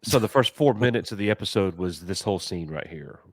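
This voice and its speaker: Man, low voice, dry sound, casual review chat, animated, mocking. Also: fairly quick, dry recording. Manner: animated, mocking, exaggerated reactions. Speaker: co-host of a TV review show.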